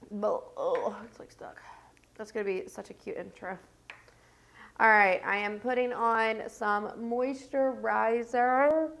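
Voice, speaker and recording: Congested woman, slow gravelly chat. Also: a little high, fairly bright tone. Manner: rambling, filler-heavy, talks while doing makeup. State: congested, stuffed-up and scratchy voice. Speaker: makeup livestream host. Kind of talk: casual get-ready-with-me chat. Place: home set.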